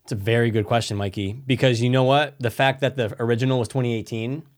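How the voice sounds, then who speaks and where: A man's voice: medium pitch, fairly even intonation, fast talker. Blunt young man co-hosting a podcast. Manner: blunt, dry, swearing. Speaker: podcast co-host reviewing a film. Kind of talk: casual chat.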